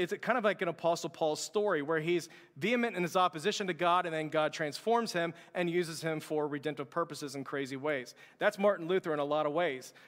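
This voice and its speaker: Long hall reverb fills this recording of a pastor in a church sanctuary, preaching a sermon as a passionate story with the quotes acted out. His voice is fairly high-pitched and a bit bright.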